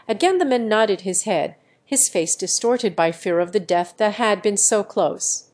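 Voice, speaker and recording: A woman's voice: mid-range voice, unhurried, few pauses. Synthetic woman narrating an audiobook. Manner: steady synthetic reading voice.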